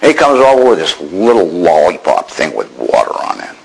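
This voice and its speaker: A man's voice: low voice, very animated, moderate pace, creaky, rough recording. An older man from Maine telling his own war story with dry, wry understatement. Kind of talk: personal storytelling.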